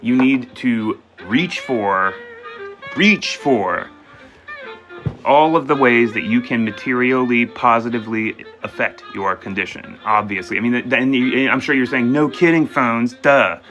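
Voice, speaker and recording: A man's voice: medium pitch, a little slow, fairly bright tone, dull audio, soft background music. A man hosting a live-streamed tarot reading, talking to viewers in a rambling, self-correcting way and thinking aloud.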